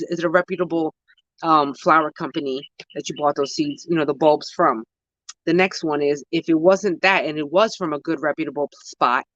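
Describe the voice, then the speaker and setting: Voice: mid-range voice, fairly bright tone, dry recording, dull audio. Rambling, slangy New gardener. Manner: rambling, slangy, self-correcting. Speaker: gardening vlogger answering viewer questions. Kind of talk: casual chat. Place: outdoor home garden. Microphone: handheld phone camera while walking.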